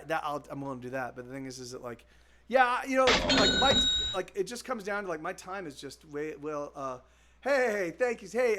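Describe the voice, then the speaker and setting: A man's voice: fairly high pitch, fairly bright tone. A young man chatting on his music livestream, rambling in frustration with lots of restarts, fillers and swearing. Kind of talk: casual livestream chat.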